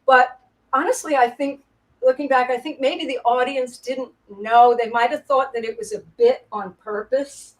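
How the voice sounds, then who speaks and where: Woman reminiscing about stage life, lively, often laughing, pitched a little high. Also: moderate pace, poor audio. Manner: animated anecdote-telling, laughs often. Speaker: guest, Broadway performer. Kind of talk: casual storytelling interview. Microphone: video call.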